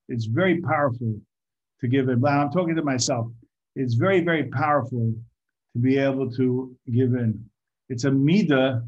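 Halting man giving a muffled Torah talk. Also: medium pitch, a little mellow. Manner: halting, repeats words, asks the audience. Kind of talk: informal Torah talk to a group. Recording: muffled lo-fi recording.

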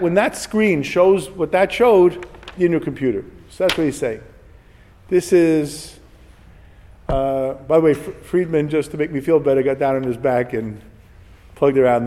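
A man with a fairly high, darkish voice gives an informal Torah class, reading Hebrew commentaries and then explaining them in English. He adds chatty asides and personal anecdotes, and the recording has a long reverb tail.

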